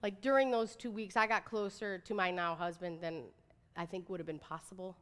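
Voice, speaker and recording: Bright-voiced woman giving an upbeat talk. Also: lowish voice, fairly quick, smooth. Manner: chatty, animated, says "like" and "right?" often. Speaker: motivational speaker. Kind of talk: inspirational talk to an audience. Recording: reverberant hall.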